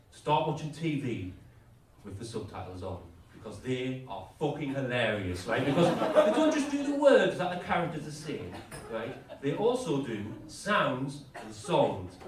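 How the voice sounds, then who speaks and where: A man's voice: medium pitch, slight background noise. A man with an English accent doing a crude, self-deprecating stand-up routine on a comedy club stage. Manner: crude, self-deprecating, deadpan asides with rising rants. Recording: echoey club from far off, crowd laughter.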